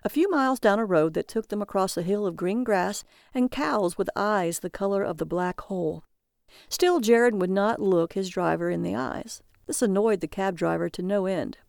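A woman reading a story aloud in a steady, measured narration. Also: medium pitch, gravelly, no room sound, clean studio sound.

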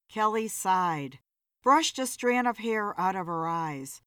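A woman narrating an audiobook story in a plain, steady manner. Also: mid-range voice, slow, smooth, no echo, studio quality.

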